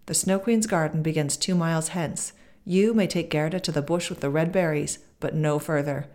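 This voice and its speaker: A woman reads as a tiny, wise old woman of the far north. She speaks brisk and stern, keeping her counsel in a low voice. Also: darkish tone, close to an everyday voice. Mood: firm.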